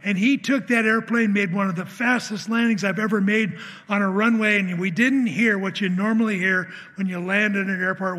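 A man's voice: high voice, steady tone, moderate pace, bright, forceful tone. A man preaching a sermon, telling a personal story in an earnest way, acting out the dialogue and often restarting his sentences. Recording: long hall reverb.

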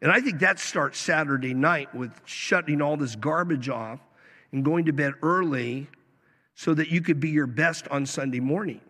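Animated pastor preaching in a reverberant hall. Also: male voice, fairly high pitch, normal speed. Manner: animated, jokey asides and acted-out quotes. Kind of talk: sermon.

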